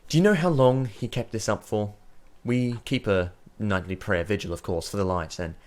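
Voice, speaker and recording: A man's voice: lowish voice, moderate pace, a little mellow, natural voice. A man voicing a tired female elven cleric who sighs at her talkative companion. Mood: weary. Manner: tired, sighing.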